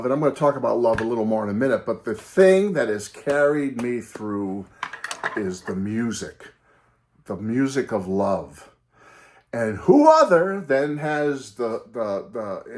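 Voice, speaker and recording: A man's voice: mid-range voice, gravelly. A man hosting his own channel, talking in a rambling, self-mocking way and chuckling often as he chats. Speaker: channel host. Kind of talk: casual vlog chat.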